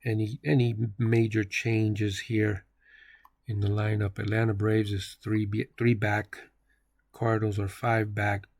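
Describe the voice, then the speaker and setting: A man's voice: lowish voice, vocal fry, no room sound, studio quality. A man hosting a video game channel, calling play-by-play on a baseball simulation with jokey nicknames for the players. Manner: jokey nicknames, excitable on big plays.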